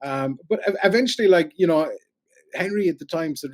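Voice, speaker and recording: A middle-aged man with a Cork Irish accent, a radio broadcaster telling animated anecdotes in a casual chat and acting out the voices he quotes. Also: on the high side, a little fast. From Ireland. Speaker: podcast guest, radio broadcaster.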